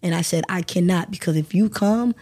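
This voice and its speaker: A woman's voice: lowish voice, brisk, warm tone. A woman guest on a podcast, telling a personal story candidly and emotionally, with some swearing. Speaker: guest actor.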